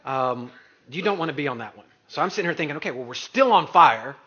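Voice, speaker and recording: A middle-aged man speaking to an audience, telling a story in an animated way and acting out the voices of others. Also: on the high side, quick pace, husky. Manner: animated, acts out quoted voices. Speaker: real estate speaker. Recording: dull lo-fi recording.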